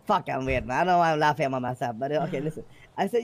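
A man's voice: mid-range voice, racing. A man talking in character during role-play, rambling, swearing often and laughing at his own stories. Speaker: role-play gang member.

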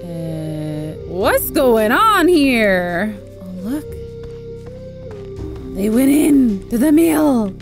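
A woman's voice: fairly high pitch, very animated, drawn-out words, over music. A woman hosting a let's play, giving casual, playful and jokey gameplay commentary. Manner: playful, jokey, laughs and repeats words.

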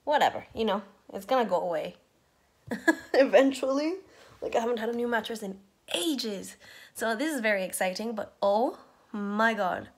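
A young woman in her twenties talking casually to camera in a vlog, chatty and excitable, full of fillers and little laughs, filmed on a phone in an empty flat with an echo. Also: mid-range voice, fairly quick. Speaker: vlogger. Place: empty echoey flat indoors.

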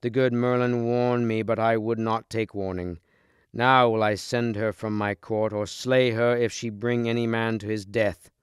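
A man reading aloud as a wounded king in a storybook, grave and measured. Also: lowish voice, flat delivery, smooth, no echo, clean studio sound, close to an everyday voice.

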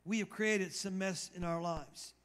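A man's voice: high-pitched, a little slow, fairly bright tone. A male pastor preaching a sermon, retelling scripture dramatically and repeating key phrases for emphasis. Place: church.

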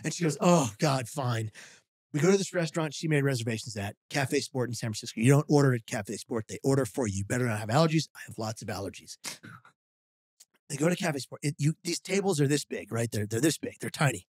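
A man's voice: medium pitch, fast talker, breathy edge, no room sound, clean studio sound. A man, a podcast guest telling a funny story with acted-out quotes. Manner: animated storyteller, acting out quotes.

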